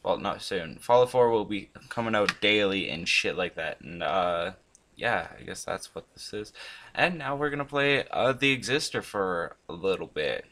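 A man hosting a gaming channel, chatting casually and rambling as he plays, swearing often and breaking into sudden loud outbursts. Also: on the low side, animated, moderate pace, slight background noise. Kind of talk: casual commentary while playing a chatbot.

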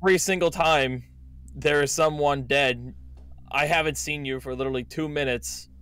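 A man with a fairly high voice talks in casual game voice chat. He keeps pushing his accusations. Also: steady tone, moderate pace, a bit bright, clear, resonant tone. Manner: accusing, pushy. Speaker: game player.

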